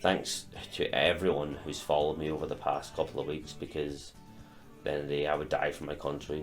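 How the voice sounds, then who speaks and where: A man's voice: extremely low pitch, level tone, normal speed, faint music behind. A young Scottish man from Scotland, talking as a football fan vlogger, emotional and heartfelt, repeating his thanks. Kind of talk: passionate fan reaction vlog.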